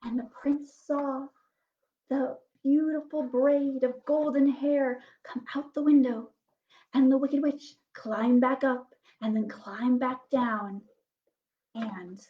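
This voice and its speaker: A woman reading fairy tales aloud at children's story time, slow and animated, dropping to soft whispers. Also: high-pitched, a little hiss or hum. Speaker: children's librarian. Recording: dull lo-fi recording.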